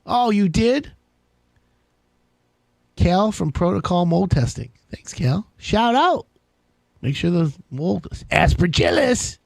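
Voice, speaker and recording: A man hosting a live home-improvement show, talking in a rambling, jokey, excitable way. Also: high-pitched, a little slow, creaky, no echo. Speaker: radio show host. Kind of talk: casual live call-in show chat.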